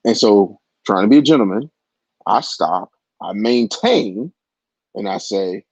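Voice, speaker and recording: A man's voice: fairly low pitch, lively intonation, a little slow, darkish tone, breathy edge, no echo. A man in his forties telling a raunchy personal story in a crude, rambling way, with frequent asides to the listener. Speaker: vlogger. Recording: dull, lo-fi, dry audio.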